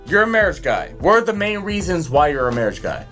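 A man, co-hosting a casual podcast, telling stories in an animated, profane way. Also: fairly high pitch, fairly quick, faint music behind. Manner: animated storytelling, swears a lot, acts out voices loudly. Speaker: podcast co-host.

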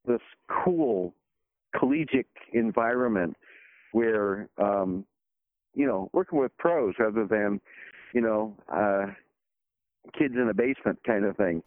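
A man's voice: on the low side, slow, long pauses, no echo. A man talking casually as a podcast guest about his special effects work, rambling with many fillers. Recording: tinny phone-like line, dry.

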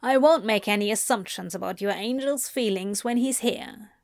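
A woman reading aloud, voicing a wry, teasing male demon in a slightly lower, softer voice. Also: moderate pace, dry recording, clean studio sound, close to an everyday voice. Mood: earnest. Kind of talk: amateur audiobook reading.

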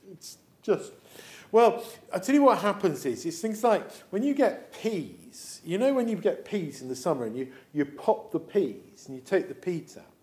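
A man acting as preacher, telling a story to children in a chatty, animated way with frequent fillers. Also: high voice, moderate pace.

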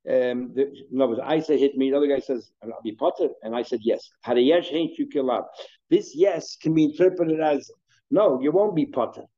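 A man's voice: medium pitch, a little fast, dark tone, highs cut off. A man teaching a daily Talmud class in a conversational way, thinking aloud with frequent restarts and mixing Hebrew and Aramaic terms into his English.

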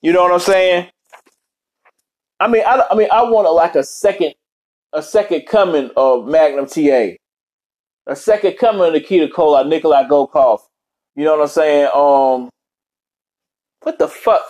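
A man's voice: on the high side, normal speed, long pauses, darkish tone. A man ranting casually as a vlogger, swearing heavily and rambling off on tangents. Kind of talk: casual rant.

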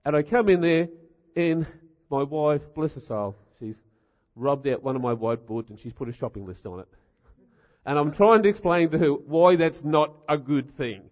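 A middle-aged man preaches in a wry, animated storytelling way and throws in rhetorical asides. His voice sits a bit high for a man. The sound is dull and trails off into a long hall reverb. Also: normal speed. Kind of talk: humorous sermon storytelling.

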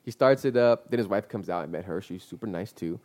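A young man with a fairly low voice tells a story in a loose, relaxed way. He leans on slang and filler words as he goes. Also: fairly quick. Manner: laid-back slang-heavy storytelling with many fillers. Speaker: guest business owner. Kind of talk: casual storytelling.

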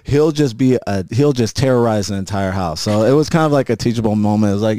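A man's voice: on the low side, fast talker, dark tone, dry recording. Rambling, profane man telling a story. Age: adult with a school-age son. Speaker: podcast host. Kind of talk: casual podcast chat.

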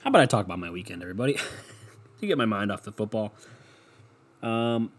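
A man's voice: on the low side, big pitch swings, quick pace. A man of twenty-two rambling alone to listeners in a casual, sarcastic and profane monologue, mocking himself. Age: 20s. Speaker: solo podcaster.

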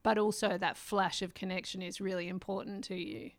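A woman interviews a guest in a relaxed chat. Her voice sits at an everyday middle pitch. She teases and reacts with playful disbelief. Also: fairly quick. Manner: teasing, incredulous questions. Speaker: interviewer, host.

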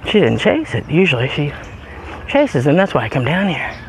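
A man chatting casually as he walks his dogs up a hilly road outdoors, a bit out of breath, now and then calling the dogs in a high sing-song voice. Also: wildly swooping pitch, normal speed, background noise. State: out of breath from walking uphill. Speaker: podcast host. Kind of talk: casual walking vlog.

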